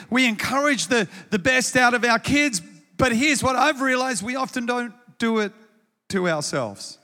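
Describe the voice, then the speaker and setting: A man's voice: extremely high pitch, bright, forceful tone, big-room sound. A man preaching a sermon as pastor, in a conversational way that often repeats words as he starts a thought.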